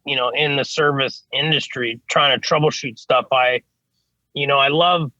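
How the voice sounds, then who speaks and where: A man's voice: mid-range voice, fairly even intonation, moderate pace, bright, forceful tone, no echo, muffled recording. A man, an HVAC service tech, telling stories casually in an interview, rambling with lots of "you know what I mean" and casual swearing. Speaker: HVAC service technician, podcast guest.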